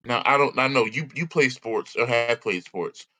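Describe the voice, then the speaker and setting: A man's voice: medium pitch, normal speed, bright, forceful tone, rough recording. A man co-hosting a podcast, telling a story in casual chat, acting out other people's lines and laughing often. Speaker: podcast co-host.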